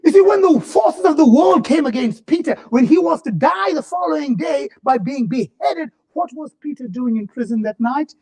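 A male preacher delivers a passionate sermon in a strikingly high voice. His pitch rises and falls dramatically as he moves from fervent shouts to hushed, slowed-down lines. The delivery is animated and emphatic throughout. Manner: impassioned, swings from shouts to low murmurs.

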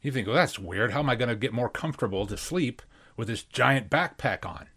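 A man preaching a sermon, animated and acting out voices as he tells stories. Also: mid-range voice, fairly quick, husky.

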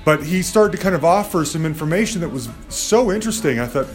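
A man's voice: a little high, animated, brisk. A male podcast host who talks casually, agreeing readily and rambling with many fillers. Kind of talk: casual podcast chat and outro. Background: music.

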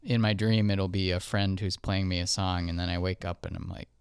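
A man's voice: sits low, steady tone, a little fast, clear, resonant tone, no echo, studio quality. A man who composes film music, talking casually and thinking aloud with fillers. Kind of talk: casual podcast chat.

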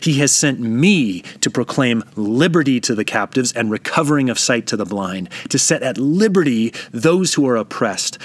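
Man preaching an earnest, reflective sermon. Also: mid-range voice. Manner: reflective, emphatic, slows down on key phrases.

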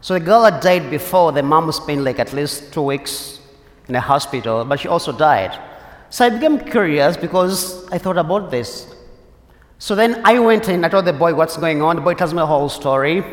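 Male priest, homily voice a bit high, loose storyteller pacing, reverberant church. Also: expressive. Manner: conversational storytelling with pauses and restarts.

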